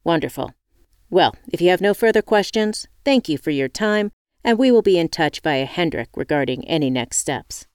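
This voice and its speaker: A woman reading the part of a formal male hiring manager, businesslike and brisk. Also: a little high, lively intonation, clear, resonant tone, no echo, clean studio sound, close to an everyday voice.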